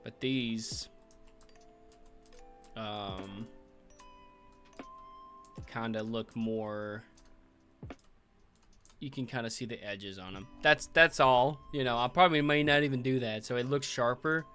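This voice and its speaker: A livestream host building a game world chats casually while he works, thinking out loud with fillers and chuckles. His medium-pitched, fairly bright voice moves slowly with long pauses, and faint music plays in the background.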